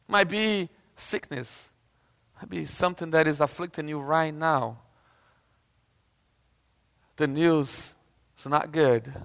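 High-voiced animated male preacher. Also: takes it slowly, gravelly, long pauses, big-room sound. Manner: animated storytelling, acts out voices, casual asides. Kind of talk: sermon.

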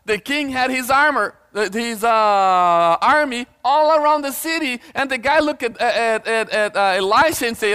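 Male preacher, casual storyteller, clear resonant voice in a reverberant hall. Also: very high-pitched, normal speed, hardly any pauses. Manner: animated storytelling, acts out voices, casual asides. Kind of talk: sermon.

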